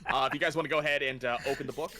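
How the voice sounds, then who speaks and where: A man's voice: mid-range voice, fairly even intonation, very fast, bright, forceful tone. A man acting as game master, casually talking players through character creation step by step. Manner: laid-back, explains rules step by step with fillers. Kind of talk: casual tabletop game session.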